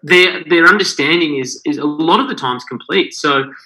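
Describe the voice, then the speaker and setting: A man's voice: fairly high pitch, normal speed, bright, forceful tone, low-quality recording. A man co-hosting a podcast, talking in a rambling, earnest way with many fillers. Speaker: podcast co-host. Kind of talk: casual podcast chat.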